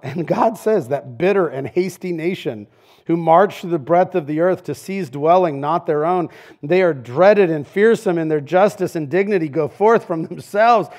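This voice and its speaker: Animated, fairly high-voiced male preacher. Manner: animated, swings from loud emphatic to hushed; conversational, with quoted asides. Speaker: pastor. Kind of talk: sermon.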